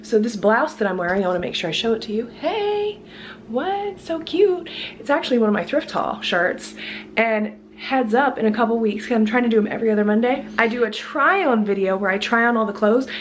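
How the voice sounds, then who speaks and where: A woman's voice: fairly high pitch, fast, slight background noise. Chatty woman with a sick, stuffy voice. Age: adult student with a job. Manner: chatty, laughs often, says y'all. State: sick, congested voice. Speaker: vlogger. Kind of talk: casual grocery haul vlog. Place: at home, kitchen.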